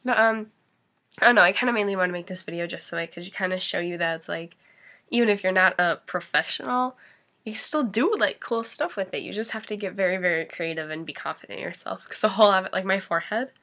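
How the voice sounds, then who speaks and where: This young woman talks fast in a mid-range, pushed, bright voice as she casually walks through a makeup tutorial. A makeup vlogger with a painted face, she's sniffly and sneezing, rambling and giggly, with "like" and "um" everywhere.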